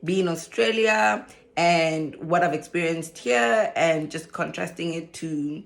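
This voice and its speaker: Her voice is gravelly, lowish and a little slow. The South African vlogger and social worker addresses the camera casually, an animated storyteller who laughs a lot as she recounts her story.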